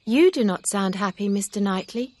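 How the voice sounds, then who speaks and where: A woman's voice: medium pitch, animated, normal speed, a little mellow, no echo, pitched above the performer's own voice, close to an everyday voice. A woman voicing an earnest, upset young woman in an audiobook reading, talking in a pleading, emphatic way.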